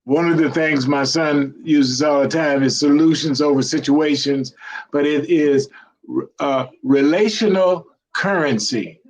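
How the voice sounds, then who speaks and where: An older man talking in a warm, rambling, praising way during a casual chat. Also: on the high side, a little slow. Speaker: guest. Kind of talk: casual video-call chat. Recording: muffled lo-fi call audio.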